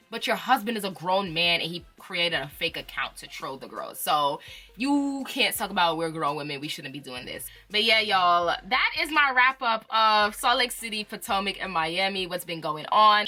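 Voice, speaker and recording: A woman's voice: medium pitch, pushed and bright. A woman hosting her own channel, reviewing reality TV in a chatty, slangy way and laughing often. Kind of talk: casual chat.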